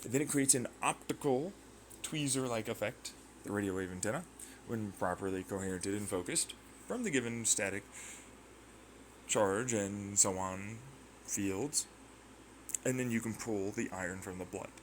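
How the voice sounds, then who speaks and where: A man hosting his own channel, talking through a rambling, excitable science monologue full of tangents, sound effects and swearing. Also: fairly low pitch, moderate pace, a little hiss or hum. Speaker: channel host.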